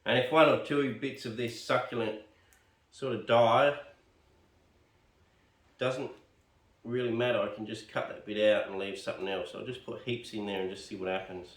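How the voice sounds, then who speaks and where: Heard from a distant mic in a roomy space, an Australian man who vlogs about bonsai chats his way through potting plants. He rambles, mutters to himself and makes fun of himself. His voice is lowish and steady, at a moderate pace.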